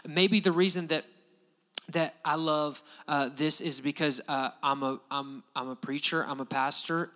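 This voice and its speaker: A pastor preaching a sermon with an animated, emphatic delivery that stays conversational. He is a man with a fairly high voice that has a bright, forceful edge.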